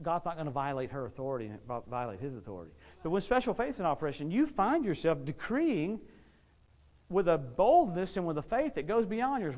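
A middle-aged American man preaches at a rapid clip, his voice sitting a little high for a man. He tells stories with big dynamic swings, bursting out loud and then dropping to near a whisper. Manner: animated, dramatic swings between loud and hushed. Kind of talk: sermon storytelling.

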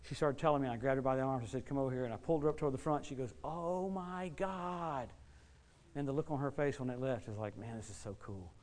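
A man preaching a sermon, telling stories in a folksy, animated way, often repeating words as he gets excited. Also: mid-range voice, racing, hardly any pauses. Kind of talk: storytelling sermon.

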